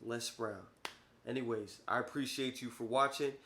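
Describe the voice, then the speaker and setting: A man hosting a comedic movie review vlog, animated and profane, breaking into quick comic skits. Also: mid-range voice, slight background noise.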